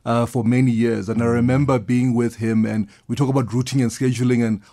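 A man's voice: medium pitch, little pitch movement, brisk, warm tone. Enthusiastic man explaining. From South Africa. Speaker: guest expert. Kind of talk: conversational interview.

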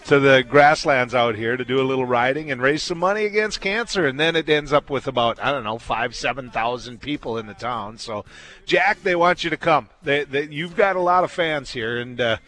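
A man's voice: medium pitch, fairly quick, a bit bright. A man co-hosting a radio show from a community event. He tells jokey stories and laughs as he goes. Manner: jokey storyteller, laughs mid-sentence. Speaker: radio co-host reporting on location. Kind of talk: casual on-air chat, remote broadcast.

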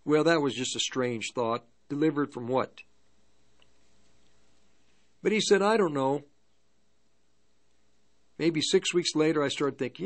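Male, slightly raised pitch, rambling halting testimony, drifts between first and third person. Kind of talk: spoken testimony storytelling.

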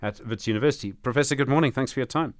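A man hosting a radio talk show from a studio, asking long framing questions at a measured pace. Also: medium pitch, dry recording. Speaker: radio host.

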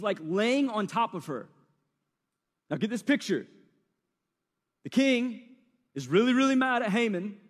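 A man's voice: extremely high pitch, long reverb tail. A man preaching a sermon, retelling the story in a casual, slangy, conversational way.

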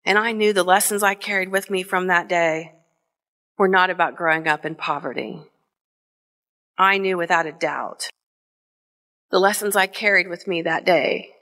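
Woman, middle-aged, from Ohio, live stage storytelling, bright forceful tone, emotional pauses. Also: on the low side, fairly even intonation. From Northwest Ohio, USA. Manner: slow, deliberate, emotional delivery with pauses. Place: theater stage before an audience.

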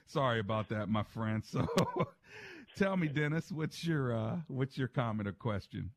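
A man's voice: medium pitch, lively intonation, moderate pace, no room sound. A man hosting a Christian call-in radio show, encouraging callers and laughing easily. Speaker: radio ministry host.

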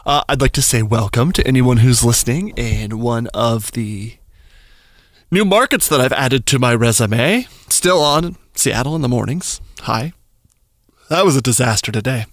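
A man's voice: mid-range voice, expressive, normal speed, dry recording, studio quality. A man hosting a morning radio show, talking in an emotional, rambling way with sighs. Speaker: radio host. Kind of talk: casual morning radio chat.

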